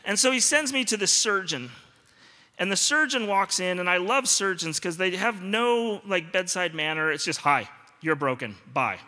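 A pastor delivers a sermon in a high, bright, pushed voice at normal speed, telling self-deprecating stories with humor. He acts out the dialogue for comic effect, and the recording carries the long reverb of a large hall.

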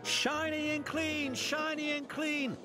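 A man's voice: very high voice, little pitch movement, slow, voice pushed up. James, a vain proud engine , as a man puts him on. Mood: furious. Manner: boastful, haughty. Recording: music playing behind.

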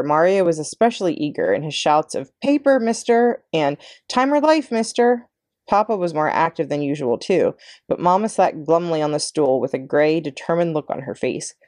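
Lively low-voiced woman reading a story. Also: no echo, studio quality. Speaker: children's librarian. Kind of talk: read-aloud storybook narration.

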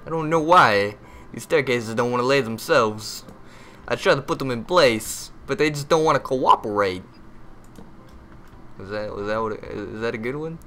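A man's voice: medium pitch, normal speed, pushed and bright, a little hiss or hum. A man giving casual gameplay commentary, muttering to himself, yelping and cursing when frustrated, with crude jokes. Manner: muttering, easily frustrated, yelps and curses at the game; crude joking.

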